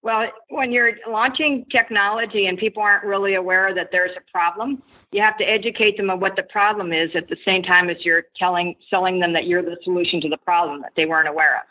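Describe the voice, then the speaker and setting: A woman entrepreneur, a podcast guest, telling her story in lively anecdotes. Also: fairly low pitch, quick pace. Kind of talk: interview answers, storytelling. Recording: tinny phone line.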